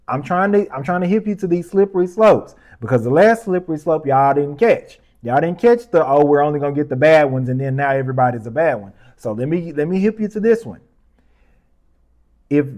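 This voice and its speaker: A man hosting his own news commentary podcast, speaking passionately with casual asides, then settling into a calmer, more respectful tone. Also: fairly high pitch. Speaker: podcast host.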